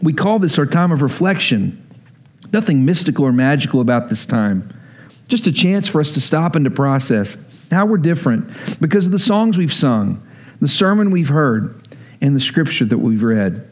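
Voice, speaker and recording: A man's voice: big pitch swings, normal speed. A man preaching earnestly as pastor, then leading a prayer and an altar call. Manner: earnest, emotional, rising in pitch as he pleads.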